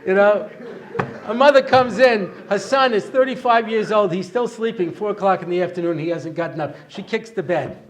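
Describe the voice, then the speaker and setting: A man's voice: sits high, moderate pace. A middle-aged man, a rabbi giving a humorous lecture, telling jokes and chuckling at them before a live audience. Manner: joking storyteller, chuckles at his own jokes.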